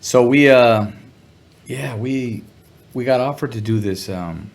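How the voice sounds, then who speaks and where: A man telling a story in a relaxed interview, talking in slang and sounding animated when he quotes people. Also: medium pitch, takes it slowly. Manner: laid-back, slangy, animated when quoting others. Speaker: guest musician.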